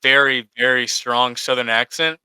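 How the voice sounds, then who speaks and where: Bright crisp-voiced young man joking. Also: mid-range voice, level tone, normal speed, dry recording. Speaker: podcast co-host. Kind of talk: casual storytelling.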